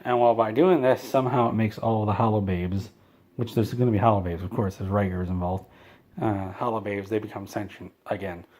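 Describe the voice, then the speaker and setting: A man's voice: on the low side, steady tone, a little fast, darkish tone. A man telling a rambling comedic story, meandering and interrupting himself with a dry, offhand delivery. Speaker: comedy channel host.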